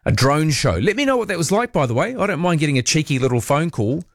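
A man's voice: fairly high pitch, big pitch swings, fast talker, vocal fry, no room sound, studio quality. A man with a New Zealand accent hosting talkback radio, chatting casually, reading out listener texts and drifting into rambling asides. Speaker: radio host. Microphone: studio mic.

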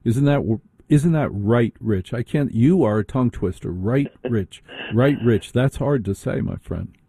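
A man's voice: mid-range voice, a little slow, mellow, breathy edge, dry recording. A man hosting a call-in radio show, talking bluntly and conversationally on a close studio mic. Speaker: radio talk show host. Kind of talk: opinionated radio talk.

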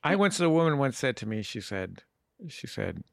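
A man interviewing a guest in a casual chat, playful and quick to laugh. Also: medium pitch, big pitch swings, gravelly, dry recording, studio quality.

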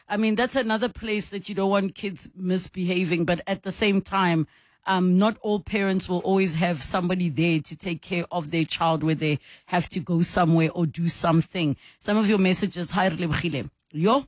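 Radio host: South African woman, chatty, reads messages with quick reactions, dry studio sound. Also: on the low side, no room sound. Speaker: radio talk show host. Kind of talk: radio call-in chat, reading listener messages.

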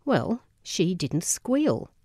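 A woman's voice: low-pitched, fairly even intonation, measured pace, warm tone, clean tone, dry recording, studio quality. A woman doing a blunt older father. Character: blunt older father, gruff, matter-of-fact.

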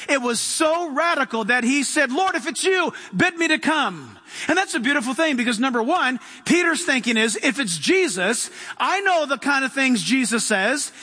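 A man's voice: extremely high pitch, expressive, moderate pace, pushed and bright. A man preaching an impassioned sermon in a church, reading scripture and asking the congregation questions. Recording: long hall reverb.

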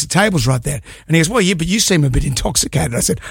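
A middle-aged Australian man co-hosting a radio show, spinning a rambling anecdote in casual banter. His voice is gravelly and a little husky, pitched slightly high for a man. The sound is close and dry. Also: expressive, very fast, hardly any pauses, dry recording. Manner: rambling anecdotal storytelling with laughs. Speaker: radio co-host.

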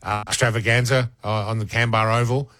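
A man's voice: mid-range voice, little pitch movement, quick pace, pushed and bright, dry recording. An Australian man hosting breakfast radio, chatty, enthusiastic and joking in casual banter. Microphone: studio microphone.

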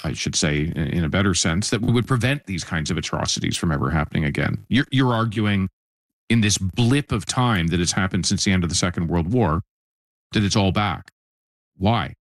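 A man interviewing a guest, asking his question deliberately and searching for words. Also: deep voice, lively intonation, dry recording.

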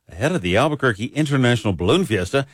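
A man anchoring a radio newscast, reading headlines in a steady, measured delivery into a studio microphone. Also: medium pitch, dry recording.

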